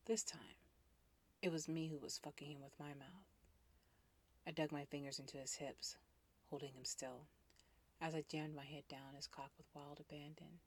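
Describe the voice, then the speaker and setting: A woman narrating a first-person erotic story in a breathy, hushed voice that often drops into a whisper, with sudden loud outbursts. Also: low-pitched, fairly even intonation, normal speed, long pauses.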